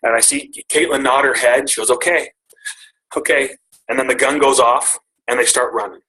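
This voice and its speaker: A man's voice: medium pitch, fairly even intonation, fairly quick, pushed and bright, poor audio. A middle-aged man telling a personal story to his team on a call, earnest and emotional, often restarting his sentences.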